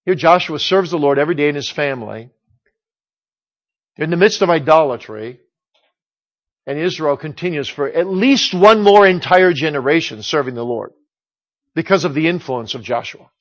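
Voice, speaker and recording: Middle-aged male pastor, high voice, emphatic sermon delivery, dull lo-fi recording. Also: lively intonation. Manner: emphatic preaching, slowing down for scripture quotes.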